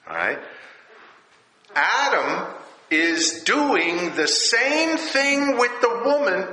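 A man delivers a sermon at an unhurried pace. His voice swings widely in pitch as he poses rhetorical questions. The sound is roomy, with noticeable echo. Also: very animated, sharp tone. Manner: rhetorical, keeps asking "all right?". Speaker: preacher. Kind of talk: sermon teaching. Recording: echoey room.

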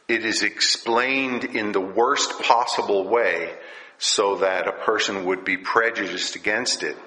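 A man's voice: on the low side, sharp tone. A man preaching a sermon and teaching from scripture. He often checks in with his listeners with rhetorical questions. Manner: rhetorical, keeps asking "all right?". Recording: echoey room.

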